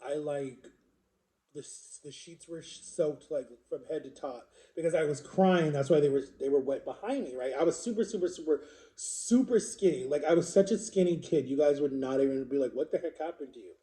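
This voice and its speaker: A man in his forties talks to his viewers in a loose, rambling storytime, leaning on "like" and repeating himself. His voice sits a little high for a man yet sounds very dark and mellow. The room around him adds a clear echo. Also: moderate pace. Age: 40s. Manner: rambling, filler-heavy, repeats words. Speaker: vlogger. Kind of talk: casual storytime monologue.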